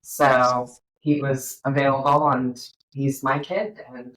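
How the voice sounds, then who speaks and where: Low-voiced middle-aged woman telling stories. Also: slow pace, dry recording, poor audio. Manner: rambling, animated storytelling with fillers. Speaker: filmmaker guest. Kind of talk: casual interview chat.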